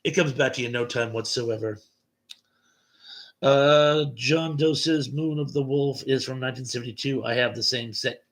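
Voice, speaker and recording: A man's voice: mid-range voice, moderate pace, fairly bright tone. A man hosting a late-night livestream chat, reading viewer comments aloud and chuckling at them between replies.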